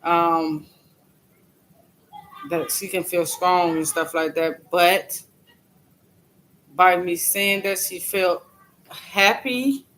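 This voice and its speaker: A man with a high, bright voice talks slowly through a story on a casual live stream. He stumbles and repeats himself, stopping now and then to greet viewers by name, over faint background noise. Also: fairly even intonation, low-quality recording. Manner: halting, repeats phrases. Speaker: livestreamer.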